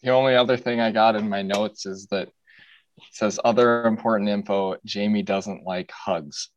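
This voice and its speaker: Man, podcast guest, low-ish voice, playful, offhand, dull muffled audio. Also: steady tone, moderate pace, no room sound. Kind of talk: casual podcast conversation.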